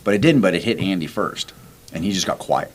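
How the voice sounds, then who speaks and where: Low-voiced man, podcast host, casual animated storytelling, acts out quotes. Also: fairly quick.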